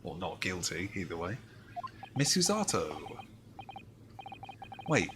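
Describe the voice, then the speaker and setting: A man hosting a casual let's play, reacting excitably and joking while he plays. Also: sits low, slow pace, long pauses, noisy background. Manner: excitable, jokey, reacts and rambles. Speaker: gaming let's play host. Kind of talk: casual game commentary. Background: game music.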